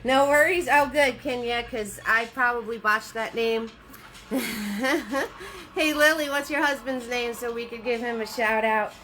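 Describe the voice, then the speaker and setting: A woman's voice: a little high, measured pace, bright, forceful tone. A woman running a live-stream painting class, chatty and often laughing, greeting her viewers by name in a sing-song voice. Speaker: painting instructor.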